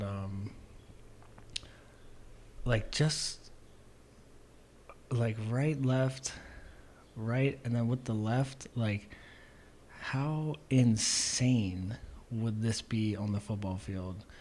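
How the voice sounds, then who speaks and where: A man's voice: on the low side, fairly even intonation, very slow, pauses often, a little mellow, a little hiss or hum. A young man hosting his own podcast, telling a story in a laid-back, rambling way with lots of fillers and restarts. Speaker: podcast host. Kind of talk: casual storytelling monologue.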